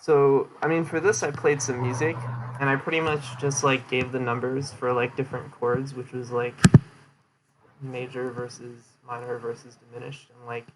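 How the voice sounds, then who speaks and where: A young man talking through a presentation he gave in a loose, casual way. His pitch sits in an ordinary middle range, and his explanations wander, full of "um" and "like" and restarts. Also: background noise. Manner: rambling with many fillers and restarts. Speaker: streamer giving a presentation recap. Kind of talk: casual chat.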